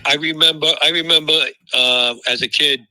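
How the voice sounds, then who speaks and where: A middle-aged man with a Brooklyn accent chatting as a guest, enthusiastic and quick to laugh. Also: fairly high pitch, fairly even intonation, pushed and bright, no echo, faint music behind, low-quality recording. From New York. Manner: laughs often, enthusiastic, repeats words. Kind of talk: casual interview chat.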